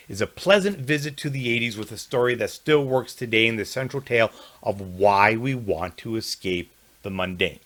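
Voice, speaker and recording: A man narrating a scripted essay in a measured, reflective way. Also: mid-range voice, fairly bright tone. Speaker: podcast host.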